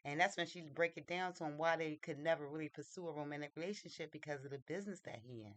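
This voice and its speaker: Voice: medium pitch, quick pace, fairly bright tone, dry recording. Slangy, casual book-review storyteller. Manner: loose, slangy storytelling with many fillers. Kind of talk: casual plot retelling.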